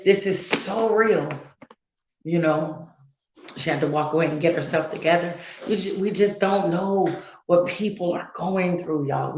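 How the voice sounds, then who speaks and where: A woman content creator speaking earnestly and emotionally on a live stream, halting as she talks. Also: on the low side, echoey room, low-quality recording. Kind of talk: heartfelt live-stream talk.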